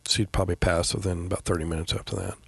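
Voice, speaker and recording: A middle-aged man telling a personal story as a podcast guest, in a quiet, halting way with many pauses and fillers. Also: deep voice, steady tone, creaky, husky, no echo. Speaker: guest, veteran paramedic.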